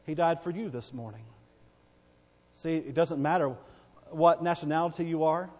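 A man delivers a church sermon in a somewhat raised voice, hammering phrases again and again. He swings from ringing cries down to hushed, quieter asides. His voice carries a long reverb, as in a sanctuary. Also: on the high side, fairly even intonation, moderate pace, long pauses. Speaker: preacher.

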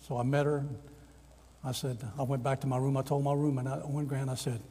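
A man's voice: mid-range voice, fairly quick, slightly rough. An older man preaching a storytelling sermon, acting out the voices in his stories. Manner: animated storyteller, acts out quoted voices. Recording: long reverb of a large hall.

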